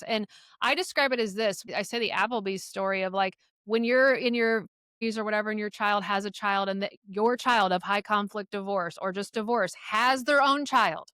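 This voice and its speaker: A middle-aged woman guesting on a podcast as a coparenting expert, telling stories in a blunt, animated way with frequent swearing. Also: mid-range voice, smooth, no echo, studio quality. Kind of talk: podcast conversation.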